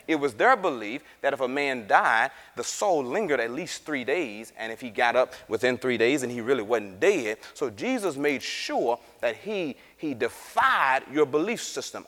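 A man teaching a Bible class, animated and acting out the scripture characters as he reads. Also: medium pitch, a little slow. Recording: reverberant room.

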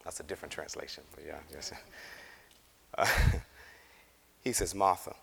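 A man's voice: very deep voice, unhurried, vocal fry, fairly bright tone, slightly rough, long reverb tail. A male preacher giving a conversational sermon, often asking the audience questions.

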